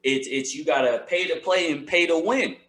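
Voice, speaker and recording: A man co-hosting a podcast, trading lively, laughing banter in casual chat. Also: on the high side, moderate pace, reverberant. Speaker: podcast co-host.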